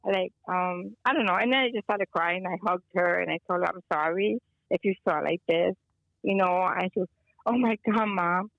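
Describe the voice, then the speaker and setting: Over a phone line with a muffled, dry sound, a woman from Chicago rambles through a story, sprinkling Spanish into her speech. She's an energy healer appearing as a guest on a relaxed call-in show. Her voice sits on the lower side, with vocal fry and a moderate pace.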